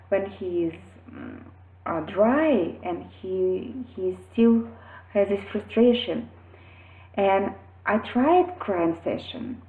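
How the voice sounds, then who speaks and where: A woman talks earnestly and gently about her experience as a mother, pausing often and restarting her sentences. The sound is thin and phone-like, as if squeezed through a narrow line. Her voice rings in a noticeably echoey room. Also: mid-range voice. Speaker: mother sharing parenting experience. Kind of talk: earnest personal talk to camera.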